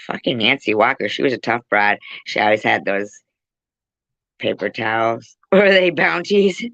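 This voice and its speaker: A woman's voice: a bass voice, expressive, normal speed, a bit bright, no room sound. A woman hosting a casual livestream, teasing and joking with her viewers. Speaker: livestream host. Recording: dull lo-fi sound.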